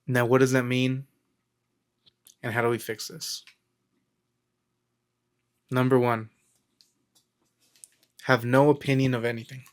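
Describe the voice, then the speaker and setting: Slow and flat, with long pauses, this mid-range male voice belongs to a self-help vlogger. He offers a casual motivational talk to camera about mindset, full of rambling stories, filler words, and quotes he acts out.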